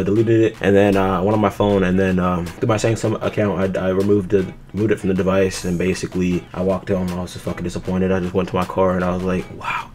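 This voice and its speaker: A young man telling a story to camera in a casual storytime vlog, animated and swearing freely. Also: lowish voice. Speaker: gaming YouTuber.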